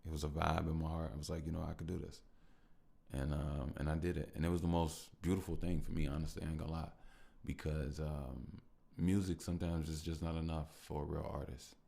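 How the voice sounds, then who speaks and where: A man's voice: extremely low pitch, flat delivery, a little fast, vocal fry, dark tone. A man hosting a podcast on his own, talking to listeners in a reflective, emotional way, often repeating himself and thanking them. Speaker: podcast host. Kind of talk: reflective solo podcast talk.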